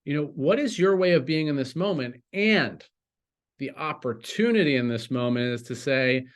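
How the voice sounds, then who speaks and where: A man speaking as a coach in a motivational talk, deliberate and encouraging, with lifts on key words. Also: on the high side, lively intonation.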